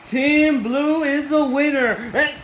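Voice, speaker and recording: A man's voice: very high-pitched, slow pace, a bit bright, echoey room, slight background noise, rough recording. A man narrating a silly animal toy comedy skit in a playful, announcing way.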